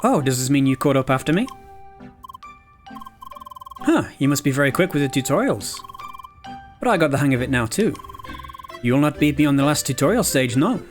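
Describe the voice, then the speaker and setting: A man's voice: mid-range voice, sing-song, a little fast, long pauses, close to an everyday voice. A man voicing a competitive young French woman gamer with a put-on French accent, eager and polite. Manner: polite, eager, formal phrasing. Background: game music.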